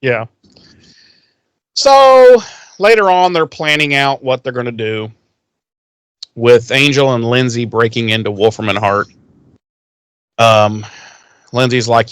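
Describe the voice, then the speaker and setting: A man's voice: mid-range voice, measured pace, pauses often, a bit bright, clean tone, no room sound. A man co-hosting a podcast, casually recapping an episode, laughing and swearing as he acts out the lines. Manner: laughing, profane, retells scenes in quoted voices. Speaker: podcast co-host.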